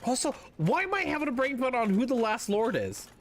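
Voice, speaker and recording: A man's voice: very high-pitched, big pitch swings, fairly quick, slight background noise. A man streaming a video game, thinking aloud and swearing casually as he plays. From North America. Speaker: gaming streamer. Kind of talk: casual gameplay commentary.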